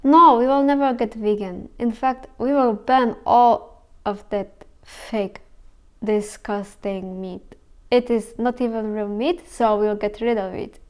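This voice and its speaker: A woman voicing a two-faced official who drawls with slow, exaggerated politeness. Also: sits high, very animated, vocal fry, warm tone, voice pushed up, heavily acted. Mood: scornful.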